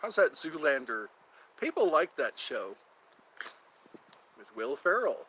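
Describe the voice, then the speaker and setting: A man's voice: fairly high pitch, big pitch swings, slow pace, pushed and bright, breathy edge, rough recording. A man hosting a casual live stream outdoors, rambling, chatting to viewers and a cat, and breaking into bits of old songs. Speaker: livestream host. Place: outdoors near a yard or forest edge.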